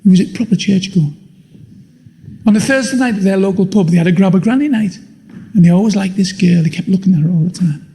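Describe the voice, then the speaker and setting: A man's voice: high-pitched, fast talker, gravelly. A man doing crude stand-up in an echoing hall. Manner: blunt, swearing, deadpan punchlines. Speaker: stand-up comedian. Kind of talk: crude stand-up comedy routine. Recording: live show in a long-reverb hall.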